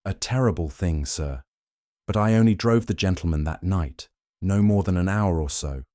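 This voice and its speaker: A man voicing a nervous, lower-class coachman who stammers and hurries his words. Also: moderate pace, warm tone, no echo, studio quality, close to an everyday voice.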